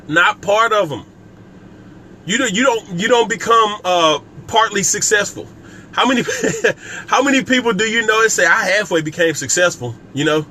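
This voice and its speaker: A man with a high, pushed, bright voice hosts a motivational stream blending business and scripture as a network marketing coach. Emphatic and repetitive with his key phrases, he speaks straight to viewers by name, and there's a little hiss or hum.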